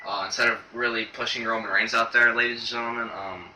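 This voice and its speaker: A man's voice: mid-range voice, flat delivery, pushed and bright. Rambling young man reviewing wrestling. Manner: rambling, halting, many fillers. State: choked up. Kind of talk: casual video review. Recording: echoey room, distant camera mic, faint noise.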